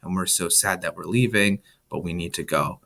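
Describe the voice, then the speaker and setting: A low-voiced writing tutor walking students through a story in plain, casual speech. He pauses on details and explains them with the occasional "um" and "kind of.". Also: vocal fry, pushed and bright.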